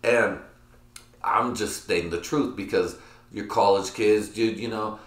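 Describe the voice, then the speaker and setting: A man's voice: fairly low pitch, unhurried, fairly bright tone. A young man hosting a solo podcast, rambling crudely and laughing at his own jokes. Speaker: podcast host. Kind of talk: casual solo podcast rant. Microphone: computer mic. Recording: echoey room.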